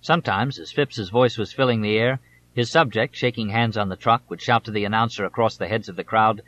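A man narrating an audiobook in a measured, steady reading style, in a slightly dull audiobook recording. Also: fairly low pitch. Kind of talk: scripted narration.

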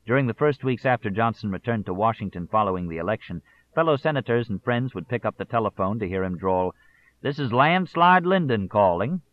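A man narrating a nonfiction audiobook in a measured, deliberate manner. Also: fairly low pitch. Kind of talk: scripted narration. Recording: tinny phone-like audio.

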